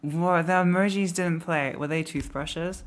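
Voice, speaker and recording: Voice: mid-range voice, fairly even intonation, measured pace. Rambling English streamer from the Midlands. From Midlands, England. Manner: rambling, self-mocking, laughs often. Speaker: live streamer. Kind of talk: casual live-stream chat reacting to tips.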